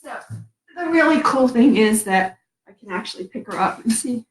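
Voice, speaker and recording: A woman's voice: a little high, lively intonation, normal speed, poor audio. A middle-aged woman hosting a casual spiritual live stream, rambling and laughing at herself as she talks about love and connection.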